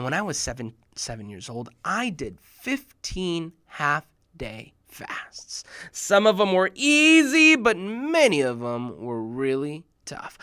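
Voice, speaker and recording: A man telling a story to children, dramatic, dropping to whispers and then bursting out loud. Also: sits high, dry recording, clean studio sound. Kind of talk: lively storytelling for kids.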